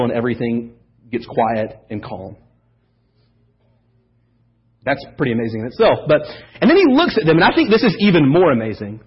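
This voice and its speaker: A man preaching a sermon as pastor, telling stories in an animated, joking way. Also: on the high side, a little fast, husky. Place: church service. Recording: dull lo-fi sermon audio.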